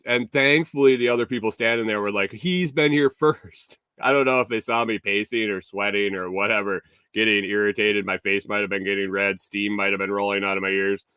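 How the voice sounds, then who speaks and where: A man's voice: lowish voice, a bit bright, clean tone, no room sound, clean studio sound. A man hosting a morning show, telling a rambling story to his live chat with frequent chuckles and restarts. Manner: rambling, chuckling, self-correcting.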